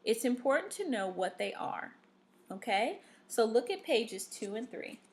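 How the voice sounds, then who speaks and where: A woman's voice: a little high, very animated, unhurried, darkish tone, slight background noise. A woman teaching a reading lesson to young students, giving patient instructions full of fillers and "okay?" checks.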